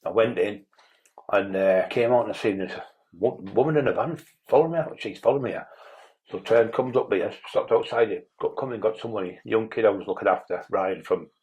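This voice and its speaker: A man's voice: fairly low pitch, brisk, a little mellow, dull audio. A man, a podcast guest telling rambling stories in a blunt way and swearing freely. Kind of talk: casual interview storytelling.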